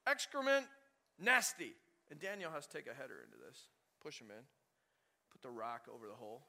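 Bright-voiced animated male preacher. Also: medium pitch. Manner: animated, conversational, rhetorical questions. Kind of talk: sermon.

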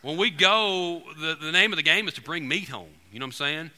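A man preaching to a congregation, telling an animated, joking hunting story to the room. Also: a little high, a little fast. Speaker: pastor. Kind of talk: storytelling sermon. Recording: long reverb in a large hall.

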